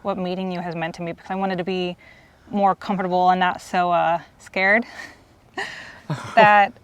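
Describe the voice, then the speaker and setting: A woman's voice: on the low side, fairly even intonation, moderate pace, clear, resonant tone. A woman in her forties telling a guest how much her work means to her, earnest and close to tears. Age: 40s. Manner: earnest, gushing, near tears. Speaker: host. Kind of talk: emotional fan tribute.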